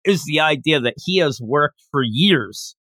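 Bright-voiced animated man recapping. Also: a little high, unhurried, breathy edge, no room sound, studio quality. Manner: animated recapping, acting out quotes. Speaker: podcast host. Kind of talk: casual manga discussion.

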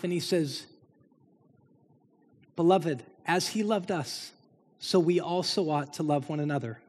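Pastor preaching in a reverberant sanctuary. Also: male voice, on the high side, unhurried, pauses often, darkish tone, breathy edge. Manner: preaching with swelling emphasis and repeated phrases. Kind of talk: sermon. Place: church sanctuary. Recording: long hall reverb.

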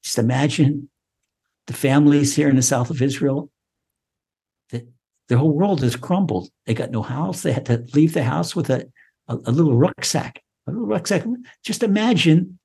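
A man teaching a Torah lesson as a rabbi, fervent and repetitive, rising in pitch to press each point home. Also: gravelly, a little mellow, slightly rough. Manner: fervent, repeats key phrases, climbs higher in pitch to stress a point. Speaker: rabbi teaching a weekly class.

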